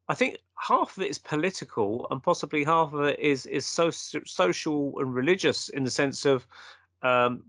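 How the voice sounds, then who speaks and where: An Englishman telling animated anecdotes in casual conversation, acting out quotes and trailing off with "blah, blah, blah". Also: mid-range voice, no room sound. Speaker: interviewee discussing mediums. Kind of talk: casual storytelling chat.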